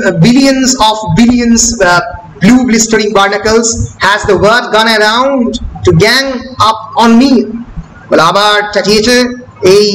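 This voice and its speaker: Guy lecturing on a comic, reads the lines out, roomy echo. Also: high-pitched. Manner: switches between English and Bengali, acts out lines. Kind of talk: textual analysis lecture reading comic dialogue aloud. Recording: roomy echo with clear background noise.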